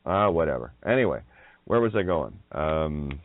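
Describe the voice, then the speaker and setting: A man's voice: very deep voice, big pitch swings, normal speed, a little hiss or hum. A man hosting a radio talk, speaking bluntly and nonchalantly, drifting off topic and swearing. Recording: dry tinny phone-quality audio.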